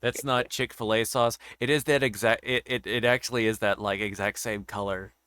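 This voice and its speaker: A man in casual conversation, explaining things in a relaxed way and thinking out loud as he goes. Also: fairly low pitch, moderate pace, clean tone, dry recording. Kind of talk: casual chat.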